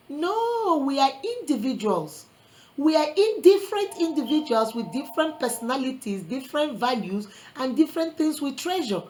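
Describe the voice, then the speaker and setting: A woman's voice: high-pitched, very animated, moderate pace, a little mellow, slight background noise, rough recording. A woman vlogger giving earnest relationship advice in a preachy motivational talk, quoting scripture and calling listeners sister and brother. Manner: quotes scripture.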